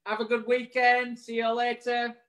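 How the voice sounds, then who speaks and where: High-voiced man rallying listeners. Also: monotone, normal speed, a bit bright, slight background noise, low-quality recording. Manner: hearty, blunt, swears freely, rallying his listeners. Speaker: co-host. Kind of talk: live online show sign-off.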